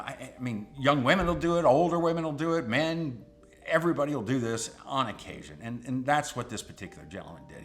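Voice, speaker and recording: A middle-aged man, a rideshare driver, telling a personal story in an animated, suspenseful way. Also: mid-range voice.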